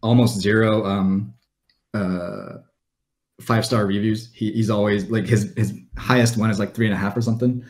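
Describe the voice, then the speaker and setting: Podcast host, man, lower voice, halting and easygoing. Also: steady tone. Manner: hesitant, many fillers and restarts. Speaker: podcast host asking questions. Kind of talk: casual chat.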